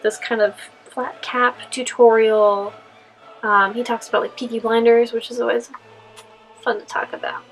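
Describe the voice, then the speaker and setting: A woman's voice: on the high side, vocal fry, a bit bright, rough recording. Young woman rambling thru a q&a vlog, lots of ums and little laughs, faint music behind. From California. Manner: chatty, rambling, frequent fillers and laughs. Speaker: costume vlogger. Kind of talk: casual Q&A vlog.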